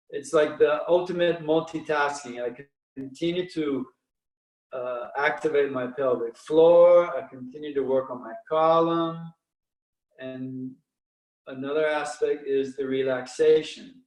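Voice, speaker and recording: A man leading guided breathing and meditation exercises, counting breaths slowly and calmly with frequent restarts. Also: on the high side, roomy sound, far from the mic, poor audio.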